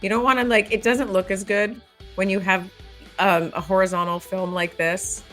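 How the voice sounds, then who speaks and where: A woman's voice: medium pitch, fairly even intonation, moderate pace, sharp tone, soft background music. A woman hosting a casual editing tutorial, thinking aloud as she works and laughing often. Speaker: host.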